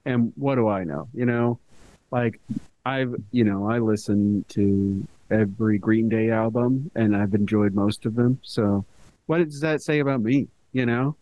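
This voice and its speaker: A man's voice: fairly low pitch, a little slow, warm tone. A young adult man co-hosting a podcast, rambling and hedging in casual chat with lots of fillers. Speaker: podcast co-host.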